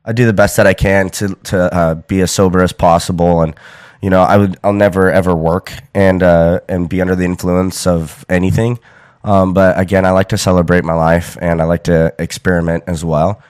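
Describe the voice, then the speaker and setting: A man's voice: sits low, flat delivery, a little fast, darkish tone, clean tone, no echo, studio quality. A young American man hosting a podcast, rambling casually with lots of fillers and restarts. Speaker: podcast host.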